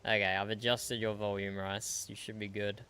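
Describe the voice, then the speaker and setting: A man's voice: lowish voice, flat delivery, normal speed, bright, forceful tone, a little hiss or hum. A man streaming a video game, chatting in a dry, matter-of-fact way and chuckling often. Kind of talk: casual gaming livestream chat.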